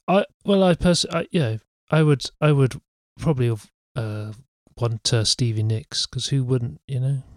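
A man's voice: mid-range voice, no echo, clean studio sound. Hesitant man from England chatting. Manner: hesitant, halting, with fillers. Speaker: guest. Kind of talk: casual chat.

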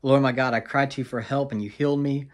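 A man's voice: mid-range voice, steady tone, fast talker. A man giving a casual video Bible lesson, explaining in a conversational way with an easy chuckle. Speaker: Bible teacher.

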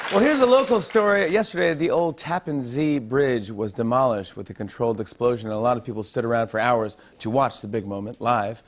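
Punchy late-night host delivering comedy monologue. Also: male voice, medium pitch, a little fast, few pauses, a faint crowd. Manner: punchy joke delivery with playful emphasis. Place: television studio with live audience. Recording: studio audience laughter and noise.

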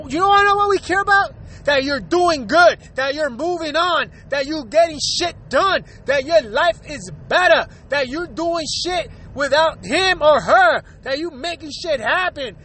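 Vlogger, man, unusually high voice, blunt and profane, lectures the viewer straight on. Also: pushed and bright, slight background noise. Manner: blunt, profane and preachy, with frequent "all right?" asides. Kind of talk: ranting advice monologue.

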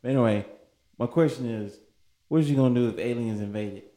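A man's voice: mid-range voice, fairly quick, dark tone. Male host, easygoing mid-range voice, rambles and keeps pushing the question. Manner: loose, rambling, pushes the question. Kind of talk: casual group chat.

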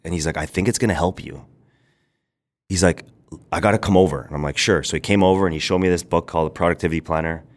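A young man, a podcast guest, telling his story in casual, rambling speech with filler words and quick bursts. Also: deep voice. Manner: rambling, quick bursts, quotes people in animated voices. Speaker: podcast guest, brand founder.

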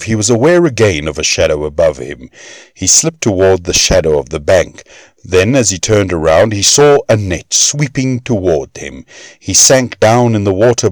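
A man reads an old myth aloud in a measured, expressive storybook style. His voice is very deep yet moves lively up and down. The recording is dry and close, with no room sound. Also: dry recording. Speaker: narrator. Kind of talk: storybook narration of myths.

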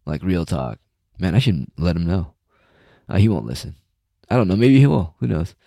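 Deep, mellow male host, dry close mic, rambling sarcastic rant with casual swearing. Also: very animated, normal speed, creaky, no room sound. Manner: profane, sarcastic, with trailing uhs. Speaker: solo podcast host.

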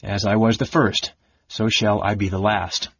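A man voicing an ageless, imperturbable male head librarian with a deep baritone and a calm, soothing manner. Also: measured pace, breathy edge, no echo, dull audio.

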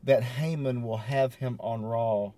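A man's voice: mid-range voice, fairly even intonation, a little slow, mellow. A man co-hosting a podcast, agreeable and laid-back, chuckling as he chats. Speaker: podcast co-host. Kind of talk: casual wrestling review chat.

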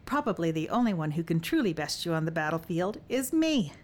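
A woman's voice: on the low side, big pitch swings, fairly quick. A woman narrator voicing a fierce, teasing young warrior woman who speaks in a bold, old-fashioned way in an audiobook. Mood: determined. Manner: archaic, bold and playful. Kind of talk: audiobook dialogue.

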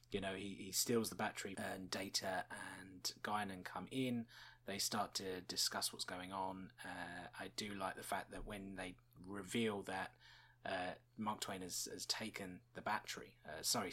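A deep-voiced podcast host, pushed and bright with a breathy edge, chats about a TV episode in casual commentary. He muses aloud, leans on fillers, and chuckles often.

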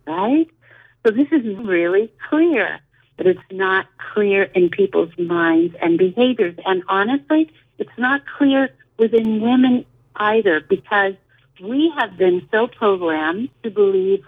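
A middle-aged woman speaks earnestly over a thin, tinny phone line. Her voice is husky and a little breathy. She talks with emphatic, steady conviction. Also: mid-range voice, unhurried. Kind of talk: candid conversation.

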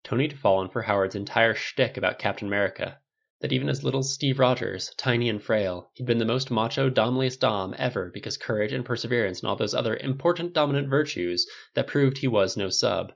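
A man reading a fan fiction audiobook aloud as narrator, in a measured storytelling delivery. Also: mid-range voice, vocal fry. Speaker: audiobook reader. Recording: slightly dull lo-fi recording.

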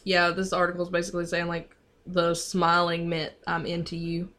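A woman's voice: lowish voice, completely flat delivery, normal speed, fairly bright tone. A young woman in casual chat, talking loosely with many fillers and casual swearing.

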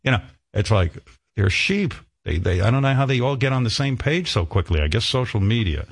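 A man's voice: medium pitch, expressive, fairly quick, slightly rough. A middle-aged man hosting a radio talk show, ranting with profanity and indignation.

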